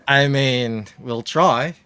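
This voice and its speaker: An Australian man talks as a guest in casual live-stream chat. He rambles, trails off and stays wry, at an everyday middle pitch. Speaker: guest, comics creator.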